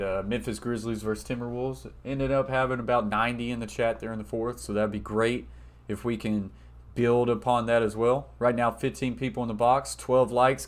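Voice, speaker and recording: Male stream host reading chat and thanking viewers, easygoing, perks up loudly for donations. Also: medium pitch. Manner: reads chat messages aloud and thanks viewers, gets loud and excited over donations. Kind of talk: casual live-stream chat reading comments.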